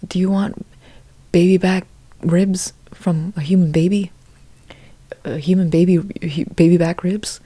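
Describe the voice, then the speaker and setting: A woman's voice: lowish voice, fairly even intonation, measured pace, pauses often, dark tone, husky. A young woman in whispered role-play, rambling through an absurd monologue in a mostly whispered voice, stumbling and restarting often. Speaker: ASMR creator.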